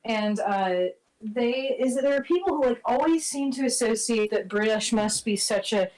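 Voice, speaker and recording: A woman chatting casually as a stream guest, with a fairly high voice. She rambles and hesitates, filling gaps with "like" and "um" and little laughs. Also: moderate pace, darkish tone, rough recording. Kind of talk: casual chat over a voice call.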